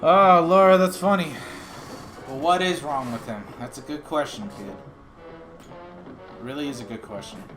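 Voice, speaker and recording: A man streaming a film reaction, joking loudly, swearing and doing silly accent bits for his chat. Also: a little high, expressive, measured pace, long pauses, music in the background. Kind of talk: casual livestream reaction.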